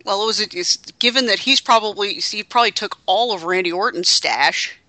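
A woman hosts a loose podcast conversation with a bright, edged tone. She is wry and indignant by turns and keeps restarting her sentences. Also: mid-range voice, moderate pace, no room sound. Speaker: podcast co-host. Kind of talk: casual chat about pro wrestling.

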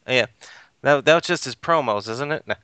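A man co-hosting a casual podcast, easygoing with soft laughs. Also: medium pitch, expressive, brisk, clean tone, dry recording. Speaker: podcast co-host. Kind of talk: casual chat.

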